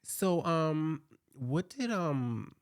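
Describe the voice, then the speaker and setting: A man's voice: a little high, very animated, extremely slow, no room sound, clean studio sound. A man hosting a casual podcast chat, teasing his guests with profane banter. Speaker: podcast host.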